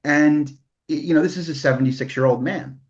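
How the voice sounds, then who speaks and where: A man's voice: fairly high pitch, fairly quick, muffled recording. A man from New hosting a podcast, talking emotionally and swearing freely in casual chat. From New York. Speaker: podcast host.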